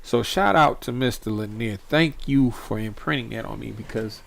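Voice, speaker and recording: A man's voice: mid-range voice, moderate pace, creaky, a little hiss or hum. A man telling a reflective story on a talk show. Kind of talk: casual talk show chat.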